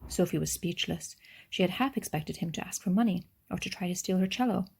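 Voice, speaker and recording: A woman's voice: fairly low pitch, brisk, vocal fry, a little mellow, slightly rough. A woman reading a children's novel aloud, with small slips and restarts. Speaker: reader.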